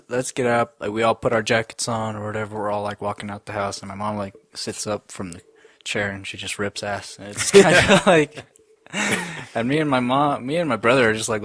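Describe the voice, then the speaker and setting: A young man co-hosting a podcast, chatting casually and telling stories in an animated, exclaiming way. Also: lowish voice, no echo. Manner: animated storyteller, exclaims often. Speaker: podcast co-host. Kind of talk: casual chat.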